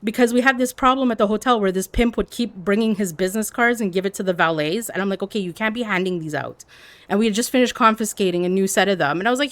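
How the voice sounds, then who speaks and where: A woman livestreamer telling stories in casual chat, animated and peppered with "like". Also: mid-range voice, quick pace. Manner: animated, heavy use of "like".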